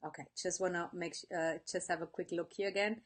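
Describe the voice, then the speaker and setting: A woman's voice: on the low side, level tone, fast. A woman life coach giving an earnest live-stream talk, speaking straight to her viewers and reading out their comments. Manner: earnest, warm-hearted, speaks to viewers directly.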